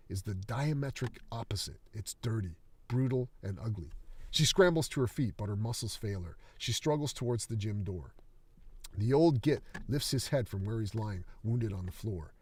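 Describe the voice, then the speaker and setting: A man reading his screenplay aloud in a steady, dramatic manner. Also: on the low side, husky.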